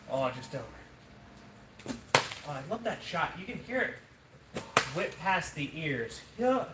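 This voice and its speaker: A man's voice: fairly high pitch, far from the mic. A man hosting a casual live stream, chatting and thanking viewers between practice throws. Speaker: livestream host. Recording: echoey room with noise.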